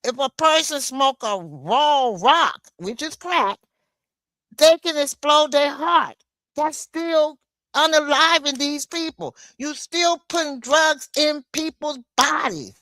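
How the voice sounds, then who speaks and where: A woman livestreaming an angry political rant, blunt and swearing, with a slow, deliberate delivery. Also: high voice, a bit bright, no echo, studio quality.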